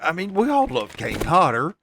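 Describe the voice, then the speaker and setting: A man's voice: high voice, wildly swooping pitch, moderate pace, sharp tone, a little hiss or hum. A man hosting a podcast, talking emphatically in a casual, ranting way and swearing freely as he speaks to his listeners. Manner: addresses listeners as folks. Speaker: podcast host. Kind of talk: casual chat.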